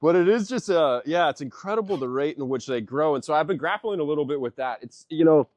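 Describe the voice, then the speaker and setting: A man's voice: fairly high pitch, animated, fast talker, darkish tone, dry recording, highs cut off. A man in his thirties in casual podcast chat, a rambling storyteller who swears a lot and keeps saying "dude".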